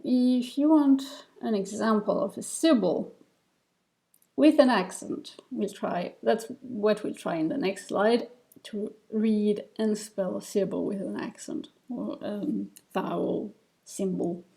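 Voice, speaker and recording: A woman's voice: medium pitch, slow pace, creaky, mellow. A woman teaching a beginner reading lesson, explaining step by step in a patient way, with fillers and small restarts. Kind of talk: recorded lesson over slides.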